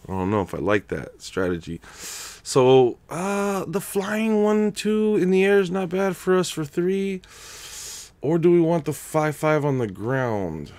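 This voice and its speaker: Reading donations aloud and thanking his viewers, a young streamer narrates his game in a casual, slangy way and laughs loudly. His voice is a little high with lively intonation and a measured pace, recorded dry.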